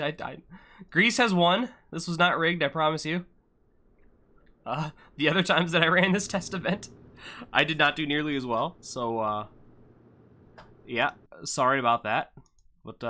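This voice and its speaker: Young male stream host; bright, punchy tone, loose joking commentary, pokes fun at himself. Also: mid-range voice. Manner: joking banter with chat, self-deprecating. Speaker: livestream host and event commentator. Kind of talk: casual live-stream commentary.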